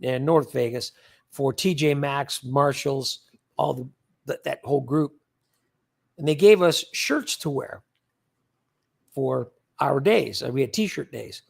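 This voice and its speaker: Reading viewer comments aloud, an older livestream host rambles in a chatty, casual way and tends to repeat words. He has a mid-range voice with vocal fry.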